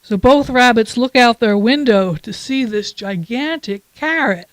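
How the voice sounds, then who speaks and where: A woman leading a church service, reading a passage aloud and then telling a children's story in a calm, measured way. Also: fairly high pitch, no room sound, rough recording. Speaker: worship leader.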